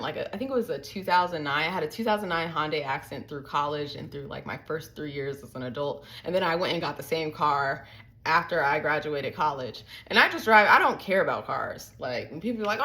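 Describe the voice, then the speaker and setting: A young woman talks casually to her viewers. Her voice sits a little low, and she tells her stories in a lively way, with sudden jumps in pitch. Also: brisk, rough recording. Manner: chatty, animated storytelling with sudden pitch jumps. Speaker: vlogger. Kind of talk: casual chat to camera.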